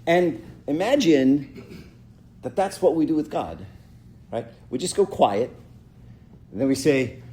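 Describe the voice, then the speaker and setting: Mellow-voiced man giving a church talk. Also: medium pitch, expressive, normal speed. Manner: conversational, asks "right?" often, acts out quotes. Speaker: church speaker. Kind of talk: informal talk to a youth audience.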